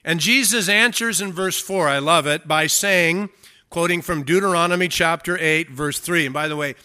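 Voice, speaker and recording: A male pastor delivers an expository sermon with an emphatic, searching delivery. He often asks his listeners direct questions. His voice is fairly high and very bright, with a sharp, forward edge. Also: moderate pace, smooth.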